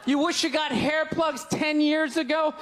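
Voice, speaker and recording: A man with a Boston accent doing a stand-up set on stage, ranting in loud, exasperated bursts that break into shouts. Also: very high voice, steady tone, measured pace. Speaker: stand-up comedian. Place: live comedy stage before an audience. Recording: live crowd laughter, faint background noise. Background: audience laughter.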